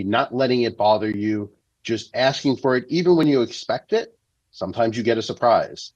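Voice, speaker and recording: A man with a fairly low voice speaks as a guest over a video call, relaxed and reflective, easing in with fillers. The sound is dry and a little dull, like a laptop microphone. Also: dry recording. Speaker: guest finalist. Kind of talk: casual conversation.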